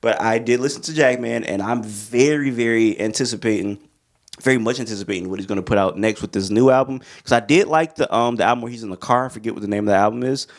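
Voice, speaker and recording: Male music vlogger, casual and excitable, rambling slangy delivery, mid-range pitch. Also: quick pace. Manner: excitable, rambling, slangy, full of "bro" and "you feel me". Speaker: music reviewer. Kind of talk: casual album ranking vlog.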